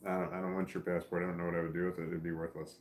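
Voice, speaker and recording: Tired low-voiced Missouri man rambling. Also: level tone, very fast, echoey room. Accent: American Midwest. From Missouri, United States. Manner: tired, rambling, reads comments aloud, chuckles often. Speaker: livestream host reading chat. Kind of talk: casual live chat.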